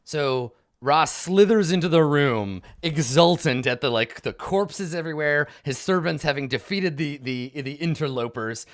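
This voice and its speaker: A man running a tabletop game as game master, narrating in a casual, animated way with many fillers. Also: a little high, measured pace, few pauses.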